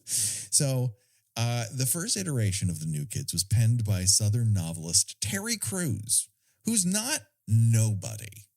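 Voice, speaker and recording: A man's voice: medium pitch, huge pitch swings, a little slow, darkish tone. A man co-hosting a podcast, chatting casually about a film in a sardonic, profane, storytelling way. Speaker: podcast co-host.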